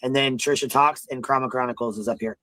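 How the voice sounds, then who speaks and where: Fast-talking man streamer. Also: mid-range voice, fairly even intonation, sharp tone, no echo, poor audio. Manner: casual, rambling, swears. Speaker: stream co-host. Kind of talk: livestream commentary.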